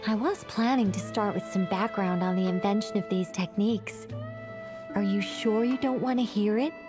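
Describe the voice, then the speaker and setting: A woman voicing a composed, regal female mage in a game, speaking with an American accent over British tells and crisply over-enunciated R sounds. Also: mid-range voice, normal speed, lightly acted. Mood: measured. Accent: British speaker doing an American accent. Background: game music.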